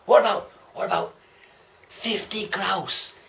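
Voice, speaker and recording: A man's voice: steady tone, slow, vocal fry, pushed and bright, heavily acted. A man putting on a sneering Australian club boss. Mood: mocking rant. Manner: mocking, ranting, high and strained. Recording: roomy echo.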